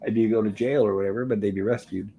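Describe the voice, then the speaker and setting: A man's voice: on the low side, fairly even intonation, fast, dark tone, breathy edge, poor audio. A man hosting a show, casually retelling old TV episodes scene by scene, reading the characters' lines aloud and adding dry asides. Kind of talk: casual recap and commentary.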